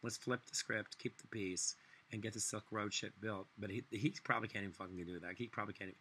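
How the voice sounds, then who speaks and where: A man's voice: lowish voice, steady tone, fast, fairly bright tone, slight background noise. A man delivering a solo political rant, angry, profane and sarcastic. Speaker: vlogger.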